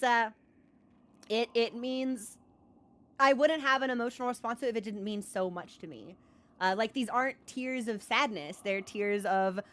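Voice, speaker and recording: Her voice is fairly high and a bit bright as this young woman livestreams from her desk at the computer. She talks casually and earnestly to viewers, rambling along with frequent restarts and "like"s.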